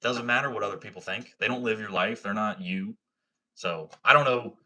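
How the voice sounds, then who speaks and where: Reading comments on his livestream, a laid-back young man from Ohio chats and swears freely in a slight country accent. His voice sits on the low side, moving at a moderate pace with a sharp tone.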